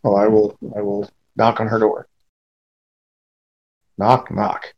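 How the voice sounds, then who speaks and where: A man's voice: lowish voice, flat delivery, takes it slowly. Man, tabletop player, jokey, stumbling restarts, muffled lo-fi sound. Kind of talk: casual tabletop play.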